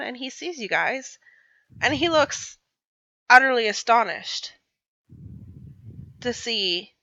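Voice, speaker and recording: Relaxed woman game master. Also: on the high side, no echo, highs cut off. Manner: relaxed, hesitant with fillers. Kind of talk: narrating a tabletop game.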